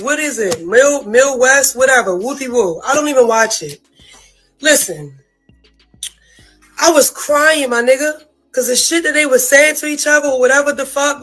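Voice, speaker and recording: A woman's voice: fairly high pitch, fairly bright tone, low-quality recording. A woman in an emotional, profane, casual rant about family, often saying "you feel me" and near tears. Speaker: sister speaking out.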